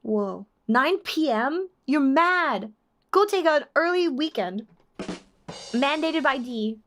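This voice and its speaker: A woman's voice: high-pitched, expressive, slow, faint music behind. A young woman streaming live, chatting with her chat while working on a song and trying out lines by singing them.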